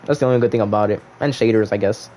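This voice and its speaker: A man's voice: on the low side, racing. Playful young man streaming a game. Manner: playful slang-heavy banter, jumps between loud outbursts and mock-solemn murmurs. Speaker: gaming livestreamer. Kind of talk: casual livestream commentary.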